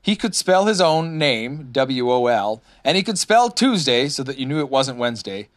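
A man narrating a children's storybook in a lively, expressive way, voicing many characters. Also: mid-range voice, moderate pace. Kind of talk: storybook reading.

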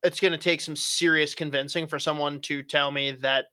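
A man's voice: a little high, steady tone, normal speed, bright, forceful tone, smooth, dry recording, clean studio sound. A young man co-hosting a casual hockey chat, opinionated and swearing casually with frequent fillers. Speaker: hockey podcast co-host.

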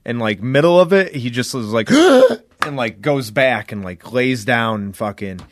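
A man's voice: mid-range voice, animated, a little slow, dry recording. A young man hosting a podcast, telling a story in loose, rambling chat full of "like" and swearing. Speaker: podcast host.

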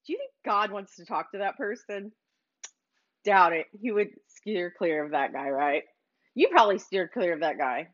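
A woman's voice: mid-range voice, lively intonation, normal speed. A woman hosting a podcast, giving an earnest motivational monologue and speaking straight to her listeners. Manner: earnest, exhorting, direct address to listeners. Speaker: podcast host. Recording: dull lo-fi recording.

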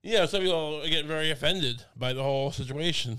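A man's voice: fairly high pitch, brisk, sharp tone, clear, resonant tone. A young man co-hosting a casual comedic podcast chat, rambling with stammered restarts and silly put-on voices. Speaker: podcast co-host.

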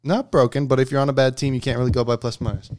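A man's voice: mid-range voice, flat delivery, very fast, darkish tone. A man hosting a laid-back sports podcast, with a voice sitting right in the middle of the male range. He argues his picks, rattling off stats and checking in with "okay?" as he goes. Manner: argumentative, reads out stats with frequent "okay?" check-ins. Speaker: podcast host. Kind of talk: casual sports debate chat.

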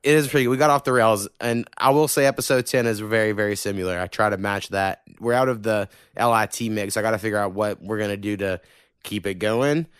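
A man's voice: lowish voice, fairly even intonation, quick pace, clear, resonant tone, no room sound, studio quality. A young man from Oklahoma, hosting a podcast in loose, profane, filler-heavy chat. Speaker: podcast host. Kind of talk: casual chat.

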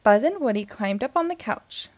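Female storyteller reading a kids' book aloud; slightly high voice, dry close recording. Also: expressive, normal speed, a little mellow, no echo.

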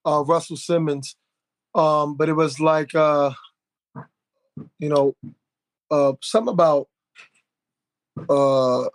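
A man hosting a podcast, telling a story in a lively way, acting out quotes with plenty of fillers and restarts. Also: a little high, takes it slowly, pauses often, no room sound. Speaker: podcast host. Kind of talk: casual podcast conversation.

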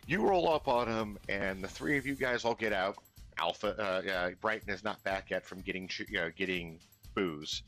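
A man's voice: fairly low pitch, normal speed, fairly bright tone, faint music behind. A man narrating as game master of a tabletop game, rambling with lots of fillers and restarts.

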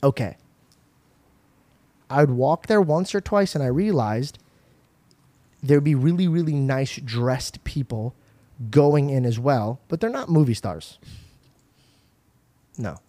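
A young man hosting a podcast, telling stories in a casual, animated way, acting out voices and swearing freely. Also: medium pitch, slow pace, pauses often. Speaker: podcast host. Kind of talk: casual storytelling chat. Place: podcast studio.

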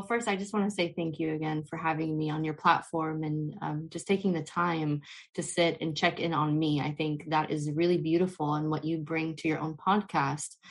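A young woman with a notably low voice talks as a podcast guest. Her speech is passionate and flowing, full of heartfelt spiritual conviction. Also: slightly rough.

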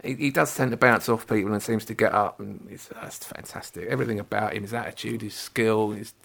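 Gravelly man in banter. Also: lowish voice, brisk. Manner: animated, sarcastic, mocking. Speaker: football podcast co-host. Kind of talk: casual chat.

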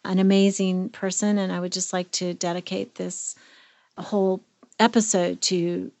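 A woman's voice: fairly low pitch, little pitch movement, measured pace, warm tone, no echo. A woman, a therapist co-hosting a podcast, speaking in an earnest, personal way. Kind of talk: casual podcast conversation.

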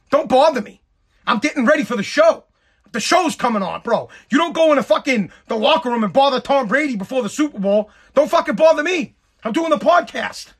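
A man hosting a podcast, ranting heatedly with lots of swearing, his voice hoarse and nearly gone. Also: very high-pitched, a bit bright. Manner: heated, profane, repetitive ranting. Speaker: podcast host.

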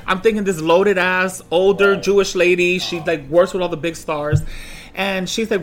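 A man, a guest on a podcast, telling stories in animated casual chat, laughing often and a little tipsy. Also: sits high, brisk. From Washington Heights, New York.

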